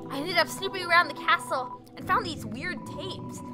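A young woman co-hosting a let's play, excitable and giggly as she reads and reacts to the game. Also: very high voice, normal speed. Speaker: co-host. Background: game music.

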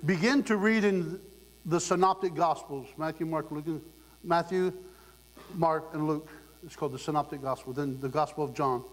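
A man's voice: fairly high pitch, moderate pace. Emphatic preacher man in a reverberant hall. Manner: emphatic, exhorting the congregation. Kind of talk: sermon. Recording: long hall reverb with faint mains hum.

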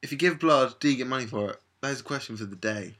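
Young female vlogger, bright tone, chatty and giggly. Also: a bass voice, quick pace. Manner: giggly, animated storytelling with mock quoted voices. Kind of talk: casual chat.

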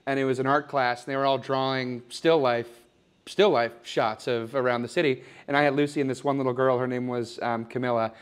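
A man's voice: mid-range voice, steady tone, brisk, clear, resonant tone, close to an everyday voice. A man playing a smug, rambling rich guy. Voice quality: boastful, rambling, mock-sentimental. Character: smug, oblivious rich young man showing off his loft. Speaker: comedic character giving a home tour. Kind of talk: improvised parody home-tour sketch. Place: apartment loft, walking room to room.

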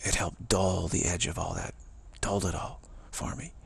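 Low gravelly man, halting spiritual monologue, mocking asides, raspy voice. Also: level tone. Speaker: spiritual speaker.

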